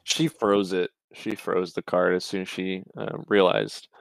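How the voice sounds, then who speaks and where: Young man, low-ish voice, casual podcast storytelling, rambling, swearing, fillers, dry close mic. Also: little pitch movement, measured pace, gravelly, dry recording. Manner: rambling, swears a lot, many fillers and restarts. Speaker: podcast co-host.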